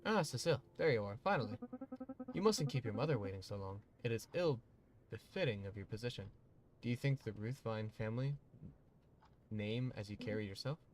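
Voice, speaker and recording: A man's voice: lowish voice, expressive, fairly quick, slight background noise, natural voice. A man reading the lines of a cold, formal aristocratic devil mother who scolds her son. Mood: stern.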